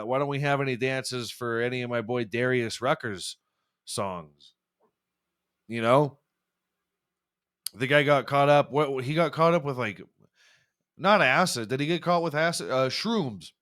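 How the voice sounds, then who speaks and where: A man's voice: medium pitch, fairly bright tone, no room sound, studio quality. A young man hosting a casual podcast, ranting in a rambling, profane way with lots of stumbling restarts. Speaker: podcast host.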